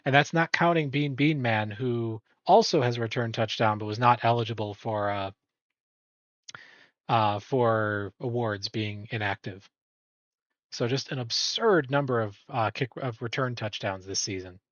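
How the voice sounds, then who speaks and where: A man's voice: medium pitch, measured pace, fairly bright tone, dry recording. Chatty man hosting on dull audio. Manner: rambling, self-correcting, chatty. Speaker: awards show host. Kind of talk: casual awards commentary.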